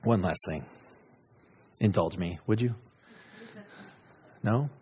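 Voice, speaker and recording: A man preaching a sermon, moving between loud, high exclamations and low, hushed asides. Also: takes it slowly, husky. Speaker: pastor.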